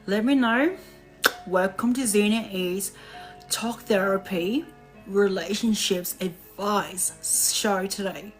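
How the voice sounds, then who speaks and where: A tired woman hosting a casual live-stream chat, pausing often to rest her voice and thanking viewers. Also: mid-range voice, faint music behind, rough recording. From Australia. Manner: slow, breathy pauses, thanking viewers. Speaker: livestream host.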